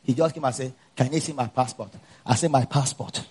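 A pastor with a Nigerian accent weaves a personal story into his sermon, going low for asides and rising loud when he preaches. He speaks a little fast, with a breathy edge to his voice.

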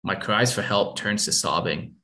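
A man's voice: sits low, moderate pace, sharp tone. A man reading a first-person war story aloud in an earnest, somber way. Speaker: narrator.

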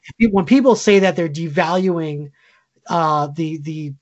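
A man's voice: fairly high pitch, a little slow, dull audio. A man co-hosting a casual podcast chat, opinionated and talking with many fillers and restarts. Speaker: podcast co-host.

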